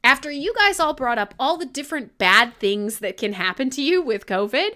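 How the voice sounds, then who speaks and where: Woman host from Canada, high and bright voice, animated, loose swearing live-show chat. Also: normal speed. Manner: swearing, laughing, joking.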